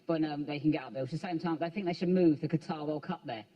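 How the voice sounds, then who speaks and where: A man's voice: on the high side, rapid-fire, dark tone, highs cut off. A man riffing as a comedian panelist, chatty and laughing through anecdotes, heard from a distant studio mic.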